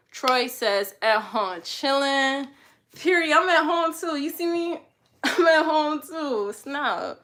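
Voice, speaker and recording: High, bright-voiced woman, breathless workout chat, mic set back in an echoey room. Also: distant mic. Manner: chatty, laughing, counts aloud. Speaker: fitness vlogger. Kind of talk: casual workout livestream chat. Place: home room with an exercise mat.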